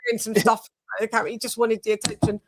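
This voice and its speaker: Blunt, fairly high-voiced woman. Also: little pitch movement, a little fast. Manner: blunt, swears freely. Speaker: host. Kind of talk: casual podcast chat.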